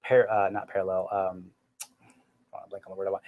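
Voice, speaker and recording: A middle-aged man hosting a podcast, telling a family story in an animated, self-mocking way and talking straight to his listeners. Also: low-pitched, fast, phone-quality sound. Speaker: podcast host. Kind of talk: casual storytelling chat.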